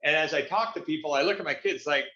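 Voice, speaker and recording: A man's voice: fairly high pitch, quick pace, pushed and bright. A man, a guest business coach, talking in an upbeat, motivational way in a casual interview. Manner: upbeat, motivational, restarts phrases. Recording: echoey, dull lo-fi sound.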